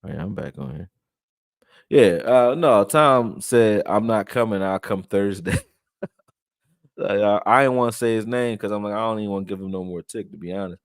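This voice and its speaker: A man with a fairly low voice hosts a live sports stream and chats in a loose, way, now and then reading viewer comments aloud. The sound is dry and close, with no room around it. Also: lively intonation, normal speed, pauses often, dry recording. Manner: loose, conversational, reads viewer chat aloud. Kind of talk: casual live-stream film breakdown.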